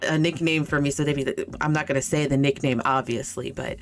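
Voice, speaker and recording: This is a woman streaming from home, chatting loosely with her viewers through a desk mic. Her voice sits on the lower side, and she wanders from story to story with plenty of swearing. Faint music runs in the background. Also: fairly even intonation, brisk. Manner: rambling, swears freely, chats with viewers. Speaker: game streamer. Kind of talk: casual chat while streaming.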